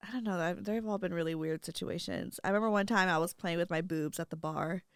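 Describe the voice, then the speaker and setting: A chatty woman on a casual podcast, frank about her dating life and often restarting her sentences mid-thought. Her voice sits at a medium pitch. The sound is dry and close. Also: fast, clean tone, dry recording.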